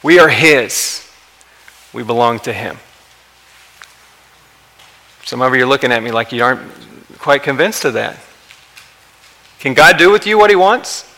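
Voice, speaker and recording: A man preaching a sermon as pastor, impassioned, building to emphatic peaks and then dropping quiet. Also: mid-range voice, lively intonation, unhurried, pauses often, poor audio.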